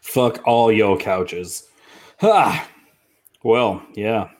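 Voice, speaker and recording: A man's voice: lowish voice, extremely slow, darkish tone. A man hosting a horror podcast in crude, teasing casual banter, swearing freely and laughing often. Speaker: podcast host.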